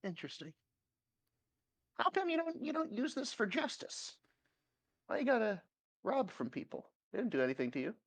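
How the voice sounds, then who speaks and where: A woman's voice: fairly high pitch, wildly swooping pitch, normal speed, pauses often, no echo. A woman player in a tabletop game, talking casually with lots of fillers. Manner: chatty, full of fillers like 'like'. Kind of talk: casual tabletop role-play.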